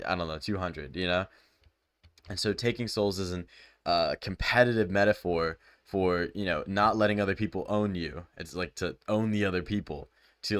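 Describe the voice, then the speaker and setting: Casual young man, low dry voice. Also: smooth, dry recording. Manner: loose and chatty, full of "like" and "bro". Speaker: book summary youtuber. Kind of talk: casual spoken book summary.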